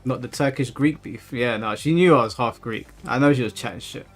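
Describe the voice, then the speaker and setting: A man's voice: medium pitch, a little fast. Guy on a gaming stream, sweary and blunt, faint music behind. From England. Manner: blunt, profane, animated retelling. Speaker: livestream host. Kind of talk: casual chat reading viewer messages while gaming.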